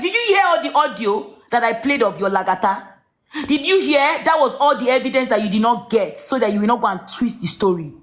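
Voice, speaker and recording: A woman ranting on a livestream, shouting accusations and rhetorical questions at someone. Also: on the high side, lively intonation, a little fast, roomy sound. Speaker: social media livestreamer. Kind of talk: angry live-stream rant.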